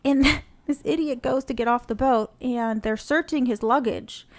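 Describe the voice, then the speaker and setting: High-voiced sarcastic woman storyteller. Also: normal speed. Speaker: podcast co-host. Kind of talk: casual comedic chat.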